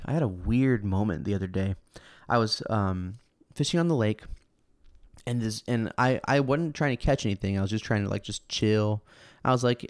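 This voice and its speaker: A man's voice: fairly low pitch, no room sound. Laid-back man rambling on a dry mic. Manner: rambling and laid-back, many fillers and restarts, animated when telling stories. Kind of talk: casual chat.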